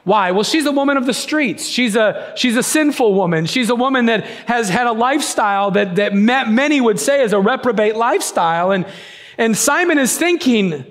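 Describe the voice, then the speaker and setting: A pastor preaching a sermon and retelling a story in a casual, conversational way, with frequent restarts. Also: male voice, high-pitched, normal speed, a bit bright.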